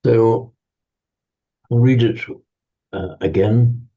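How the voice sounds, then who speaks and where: A man teaching a Sanskrit class over a video call, explaining slowly with frequent stammered restarts and reciting verses. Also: medium pitch, mellow, dull audio.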